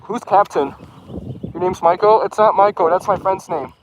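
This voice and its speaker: High-pitched guy rambling back at chat, keeps tripping over his words, loud noisy background hiss. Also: moderate pace. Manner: rambling and defensive, stumbling restarts. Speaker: streamer answering chat. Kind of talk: casual in-character livestream chat.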